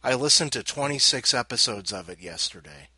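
Man hosting a podcast, blunt and profane, sick and tired, bright voice, slow animated delivery, dry sound. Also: mid-range voice, husky, no echo. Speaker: podcast host. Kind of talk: casual monologue.

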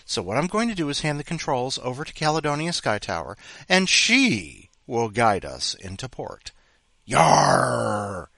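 A man hosts a podcast, rambling from one tangent to the next with self-deprecating jokes. His pitch swings widely and his tone is bright and forward. The close mic sounds dry. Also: sing-song, normal speed, few pauses, dry recording. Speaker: podcast host. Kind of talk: casual rambling chat.

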